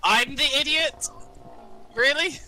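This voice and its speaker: A man's voice: very high-pitched, slow pace, pushed and bright, slight background noise, low-quality recording. A man joking with friends during a game, mock-indignant and playful. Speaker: gaming friend. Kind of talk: casual gaming chat.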